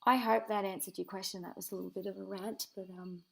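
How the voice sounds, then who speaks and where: A woman's voice: mid-range voice, fairly even intonation, fast talker, creaky, husky, rough recording. A woman answering a viewer's question about spiritual growth in a rambling, earnest way, with many fillers. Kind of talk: casual unscripted talk to camera.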